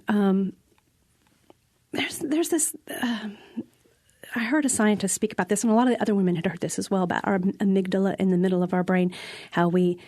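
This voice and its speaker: A woman guest who runs theater in a prison, talking in a radio interview in an earnest, reflective way, often pausing and restarting. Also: mid-range voice, dark tone, no echo, studio quality.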